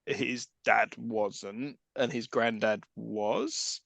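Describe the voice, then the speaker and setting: A man talks in a middle pitch and makes wry, offhand jokes about a film. His delivery is dry and relaxed. The recording is close and free of echo. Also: very slow, vocal fry. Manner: wry, deadpan jokes with laughs. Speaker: podcast co-host. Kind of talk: casual film chat.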